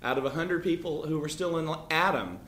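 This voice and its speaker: A man's voice: fairly high pitch, animated, a little fast, fairly bright tone, slight background noise. Man teaching a roomy Bible class. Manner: frequent "you know" fillers and restarts, emphatic. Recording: echoey room.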